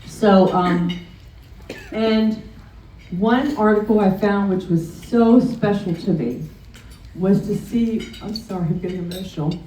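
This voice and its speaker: A woman's voice: medium pitch, takes it slowly, dark tone, slight background noise. A middle-aged woman giving a personal presentation at a chapter meeting, hesitant, with frequent ums and restarts. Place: meeting room during a luncheon. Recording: roomy sound from a distant mic.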